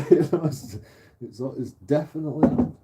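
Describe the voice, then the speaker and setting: A man's voice: on the high side, moderate pace, heavy background noise. A man hosting his channel, ranting casually, swearing freely and laughing often between rambling restarts. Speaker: channel host.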